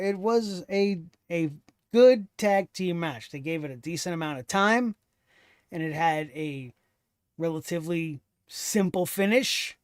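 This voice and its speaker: Man, fairly high voice, sarcastic and fed up, casual review talk, dry close sound. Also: no echo. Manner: sarcastic, exasperated, swears freely. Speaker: wrestling show reviewer.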